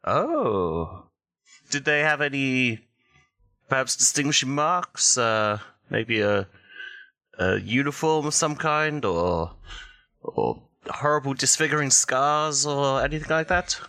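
Bright, formal-sounding man. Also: mid-range voice, animated, slow pace. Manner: formal, overly polite wording. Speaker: tabletop player. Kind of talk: tabletop role-play, polite questioning character.

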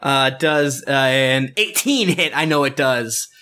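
A man narrating a tabletop game session as its game master, with a bright, forward tone. He talks in a playful, rambling way, stumbling and restarting as he describes the action. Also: medium pitch, slow pace.

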